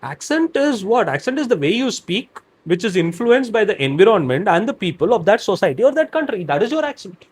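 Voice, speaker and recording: A man with a high-pitched voice and a neutral Indian English accent talks in a candid podcast interview. He speaks expansively and emphatically, listing example after example to make his points. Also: very animated, a little fast, few pauses, husky. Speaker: guest, operations director and career trainer.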